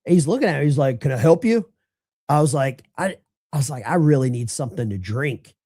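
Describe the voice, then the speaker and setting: A man's voice: mid-range voice, a little fast, warm tone, husky. A man from Alabama, hosting a call-in show and telling a rambling, folksy story. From Alabama, USA. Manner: rambling, folksy, with self-interruptions. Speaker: talk show host.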